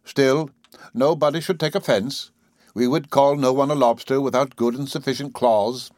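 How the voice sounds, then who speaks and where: Measured male audiobook narrator, dry sound. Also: mid-range voice, steady tone, a little mellow, dry recording. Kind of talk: scripted narration.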